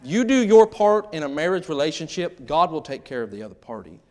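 A man's voice: fairly high pitch, sing-song, fairly quick, darkish tone. A middle-aged man preaching a sermon in a humorous, conversational way, acting out little scenes from married life. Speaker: pastor.

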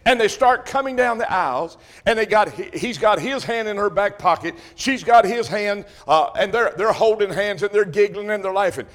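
Preacher, man, high-pitched, fervent and repetitive, pulpit sermon. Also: moderate pace, hardly any pauses. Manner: emphatic, repetitive, rising to shouts. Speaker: Baptist preacher.

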